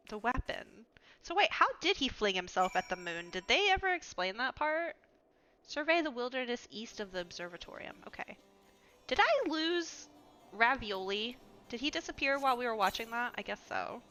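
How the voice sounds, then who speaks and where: A woman's voice: fairly high pitch, sharp tone. A woman streaming a game from home, chatting casually, laughing often and talking to her cat. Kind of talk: casual chat while playing a game.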